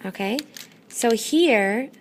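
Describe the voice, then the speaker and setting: A woman teaching a classroom lesson, patient and methodical, often pausing to check in. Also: on the high side, expressive, slight background noise. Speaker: Spanish teacher.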